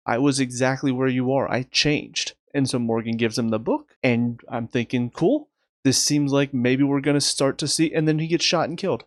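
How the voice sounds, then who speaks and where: A man talks through his review of a TV episode at a middle pitch, sounding exasperated and sarcastic. He often restarts his sentences. The recording is dry and close, with no room sound. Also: no echo. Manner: rapid recaps in a flat list. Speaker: TV review host. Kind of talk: casual video review.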